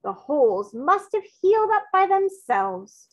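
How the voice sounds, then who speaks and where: Lively woman reading a storybook aloud. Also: sits high, slow pace, few pauses, poor audio. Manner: expressive read-aloud with acted dialogue.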